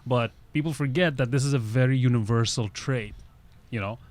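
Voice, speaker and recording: A man's voice: mid-range voice, brisk, darkish tone. Man, podcast host, from russia, casual rambling chat, filler-heavy. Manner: conversational, loose, many "you know" fillers.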